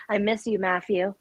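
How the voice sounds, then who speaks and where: A woman's voice: medium pitch, slightly rough, no room sound, highs cut off. Swearing, laughing Brooklyn woman on stream. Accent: faint Brooklyn. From Brooklyn, New York. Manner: teasing, laughs often, swears freely. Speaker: livestream co-host. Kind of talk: casual profane chat.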